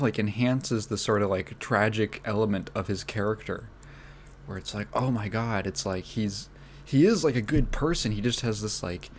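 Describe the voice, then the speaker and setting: Guy with a lowish voice rambling on his podcast, lots of likes and uhs, keeps clearing his phlegmy throat. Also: slight background noise. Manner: rambling, lots of fillers and restarts. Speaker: podcast host. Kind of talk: casual solo podcast chat.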